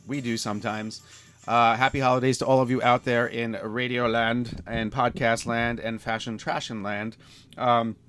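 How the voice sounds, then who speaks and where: A man's voice: mid-range voice, level tone, normal speed, fairly bright tone, soft background music. A man with a nasal, congested voice from a sinus infection, hosting a casual podcast chat and laughing often. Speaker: podcast host.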